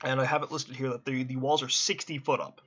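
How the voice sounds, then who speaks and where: A man's voice: medium pitch, steady tone, fairly bright tone, slightly rough, muffled recording, soft background music. Casual man running a tabletop game. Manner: casual, swears freely, quick restarts. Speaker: game master.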